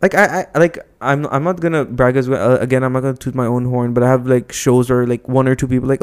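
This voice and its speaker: Smooth-voiced young man chatting casually. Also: mid-range voice, fairly even intonation, quick pace, hardly any pauses. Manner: rambling, filler-heavy, self-deprecating. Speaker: podcast co-host, newlywed husband. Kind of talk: casual chat.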